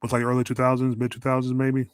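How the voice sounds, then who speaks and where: A middle-aged man on a casual talk show who rambles, restarting and repeating his words as he goes. He speaks quickly with very little rise and fall, and his voice sounds dry and close. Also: medium pitch, completely flat delivery, smooth, no echo. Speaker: guest caller. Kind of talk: casual chat.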